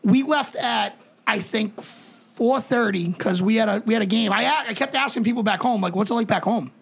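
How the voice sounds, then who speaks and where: A man's voice: high-pitched, normal speed, gravelly, husky. A man co-hosting a podcast, telling a rambling story in casual chat and swearing a lot. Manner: animated storytelling, heavy swearing. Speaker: podcast co-host.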